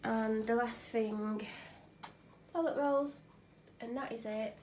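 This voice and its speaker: Woman, ill and tired, rambling casual home vlog, slightly high voice, faint background hiss. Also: fairly even intonation, slow pace, a little mellow. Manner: chatty, rambling, self-mocking. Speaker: vlogger. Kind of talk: casual chat. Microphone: clip-on microphone.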